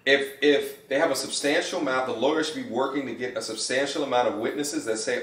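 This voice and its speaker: A man in a podcast discussion, talking in a measured, hedging way as he thinks aloud. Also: medium pitch, a bit bright, roomy sound, recorded from a distance, rough recording.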